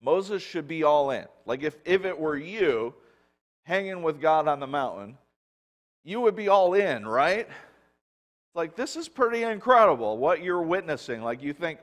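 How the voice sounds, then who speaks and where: A man's voice: a little high, very animated, a little slow. A man preaching a conversational sermon as a pastor, casually acting out biblical dialogue and peppering it with "like".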